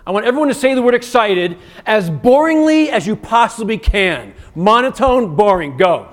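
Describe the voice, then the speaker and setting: High-voiced energetic male keynote coach. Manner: energetic, prompting the audience with quick commands. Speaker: keynote speaker and communication coach. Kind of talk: interactive keynote talk. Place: conference stage in a large hotel venue.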